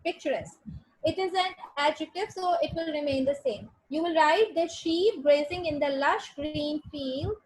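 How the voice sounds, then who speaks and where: A woman's voice: sits high, normal speed, a little mellow, poor audio. A woman teacher giving a grammar lesson to a class, patiently repeating sentences and spelling words out letter by letter. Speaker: English teacher.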